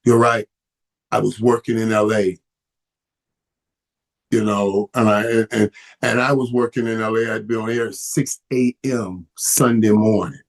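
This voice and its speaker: A man's voice: lowish voice, fairly even intonation, a little slow, long pauses. A middle-aged man hosts a live stream in a loose, conversational way. He stumbles over his words and doubles back on them, and he grows passionate and heated as he goes. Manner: stammering, repeats words, gets emotional and heated. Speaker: host. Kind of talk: casual live-stream talk.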